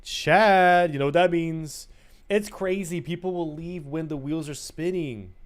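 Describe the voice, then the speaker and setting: A man with a higher-pitched voice speaks a little slowly while livestreaming. He chats casually with his audience in a playful, teasing way and breaks into sing-song bits.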